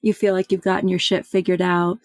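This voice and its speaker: A woman's voice: fairly low pitch, level tone, a little fast, no echo. A woman co-hosting a podcast, talking in a reflective, thinking-aloud way with many fillers. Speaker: podcast co-host. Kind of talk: casual chat.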